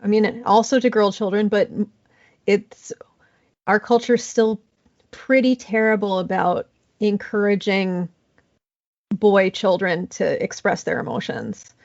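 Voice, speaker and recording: A woman therapist talking as an interview guest, in a casual, animated way. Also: mid-range voice, a little slow, highs cut off. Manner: animated, acts out quoted voices.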